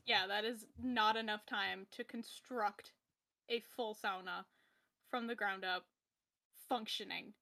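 A woman co-hosting a podcast in casual chat, wry and quick, laughing often and using "like" a lot. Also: medium pitch, fairly even intonation, vocal fry, bright, forceful tone. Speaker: podcast co-host.

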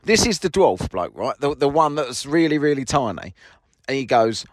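A man's voice: on the high side, huge pitch swings, normal speed, pauses often, no room sound. A man telling a sweary, mocking story in a casual monologue from his parked car. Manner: sweary, mocking, acts out both sides of a quarrel. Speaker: podcast host.

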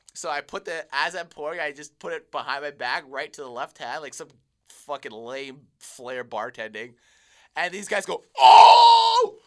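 A man's voice: a little high, bright, forceful tone. A young man co-hosting a podcast, telling rambling stories in casual chat and laughing often. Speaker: podcast co-host.

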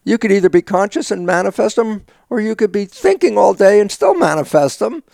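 An older man, a guest in an interview, tells stories animatedly in a gravelly voice that sits a little high for a man, speaking fairly quickly with lively intonation. He acts out his own dialogue, erupts in sudden loud bursts and laughs often. The recording is dry and close, with no echo or room sound.

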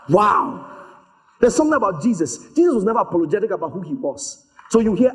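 Animated high-voiced male preacher. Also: fast talker. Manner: animated storytelling, acts out voices. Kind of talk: sermon.

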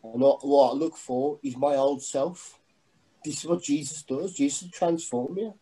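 Man, middle-aged, mellow dark voice, halting earnest testimony. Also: a little high, steady tone, low-quality recording. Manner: halting, earnest, many restarts. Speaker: guest sharing testimony. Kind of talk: emotional personal testimony.

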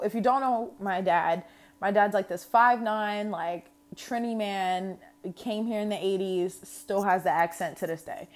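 A woman with a New York accent telling a storytime vlog in a brash, casual way, full of slang and swearing. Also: medium pitch. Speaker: vlogger.

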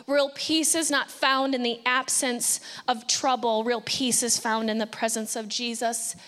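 A woman pastor delivers an impassioned sermon in a high, clear voice. She preaches with conviction, leaning into repeated phrases and acting out the pleas she describes. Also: level tone, measured pace, hardly any pauses, fairly bright tone, big-room sound.

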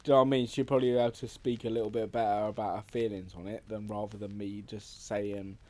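A man's voice: lowish voice, flat delivery, fast talker, darkish tone. A man co-hosting a casual podcast chat, rambling and restarting his sentences, swearing casually. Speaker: podcast co-host.

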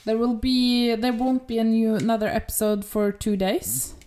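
Woman co-hosting a podcast, slightly high, playful and hesitant. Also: a little mellow. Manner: hesitant and playful, many pauses while reading results. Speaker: podcast co-host. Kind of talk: casual podcast chat.

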